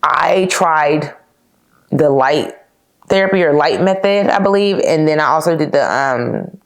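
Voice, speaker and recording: A young woman hosts a podcast, telling her own story in a candid, chatty, casual way and calling her listeners "y'all." Her low, gravelly voice moves a little slowly, with occasional laughs and frequent fillers like "like."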